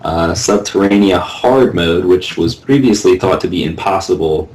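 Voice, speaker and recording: A man with a very low voice joins a live chat show as a guest over a home microphone. He talks in a halting, playful way and often repeats words as he gets going. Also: a little mellow, poor audio.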